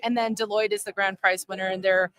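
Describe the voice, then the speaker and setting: A woman's voice: mid-range voice, little pitch movement, a bit bright, clear, resonant tone, no echo. Chatty woman at a conference booth. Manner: chatty, quick to laugh. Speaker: guest. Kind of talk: casual live chat. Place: conference hall.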